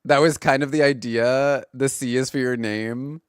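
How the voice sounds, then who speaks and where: A man in his twenties chatting casually to viewers while streaming a game, telling stories in an animated way with lots of "like" fillers. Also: mid-range voice, normal speed, smooth, no room sound. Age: 20s.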